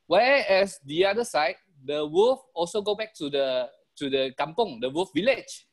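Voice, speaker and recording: A man with a Malaysian English accent giving a motivational business talk over a video call, animated, chuckling and repeating key phrases. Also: high voice, moderate pace.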